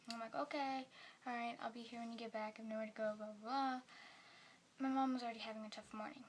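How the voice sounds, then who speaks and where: A woman talking in a personal vlog at home, rambling softly and sometimes dropping into a whisper. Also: on the high side, fairly even intonation, fast talker, slight background noise. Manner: soft-spoken, rambling, drops into whispers. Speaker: vlogger.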